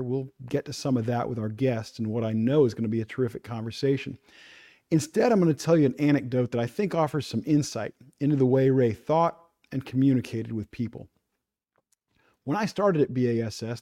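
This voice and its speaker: A man hosting a fishing talk show, delivering a scripted opening monologue in a measured storytelling cadence. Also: medium pitch, dark tone.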